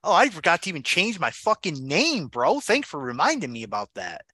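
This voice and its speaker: A man's voice: on the high side, huge pitch swings, a little fast, sharp tone, dry recording, clean studio sound. A man co-hosting a wrestling podcast, brash, boastful and sarcastic in his banter. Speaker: podcast co-host. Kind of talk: casual wrestling podcast chat.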